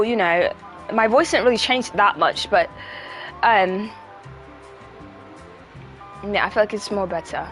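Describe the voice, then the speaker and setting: A woman chatting casually on a livestream, blunt and profane, rambling with fillers. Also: medium pitch.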